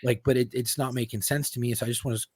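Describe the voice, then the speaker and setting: A man co-hosting a podcast, a former police officer telling fast, profane stories and acting out the people in them. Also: mid-range voice, a little hiss or hum. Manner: fast, profane, animated retelling with voiced quotes. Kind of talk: casual storytelling.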